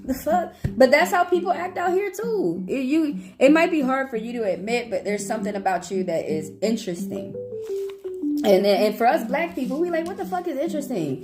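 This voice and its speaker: A young woman giving tarot readings on a casual livestream, talking in a profane, rambling, animated way. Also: a little high. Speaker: tarot reader. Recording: guitar music playing behind.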